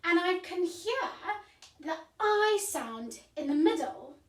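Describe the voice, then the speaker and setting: A woman teaching a phonics lesson to young children in a slow, clear teacherly voice, sounding out letters, heard from a distance in a roomy space. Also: very high-pitched, animated. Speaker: primary school teacher.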